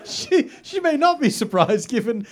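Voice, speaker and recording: A man's voice: very high voice, very animated, normal speed. A man playing a prim Victorian author hosting the show, dry and mock-formal, chuckling often. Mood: amused, appalled. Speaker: host. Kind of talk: improvised comedy podcast character.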